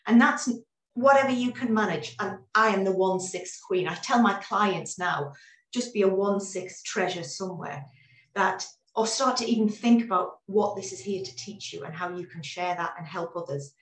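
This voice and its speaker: A woman in her forties, a guest in a casual interview chat, telling her story in an animated way with many restarts, heard over a video call. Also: mid-range voice, moderate pace, reverberant, far from the mic. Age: 40s.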